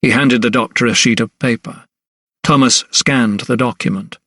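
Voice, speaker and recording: A male audiobook narrator with a mid-pitched voice, telling a period mystery in a measured, even way. The recording is dry and close, with no room sound. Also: dry recording. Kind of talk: scripted narration.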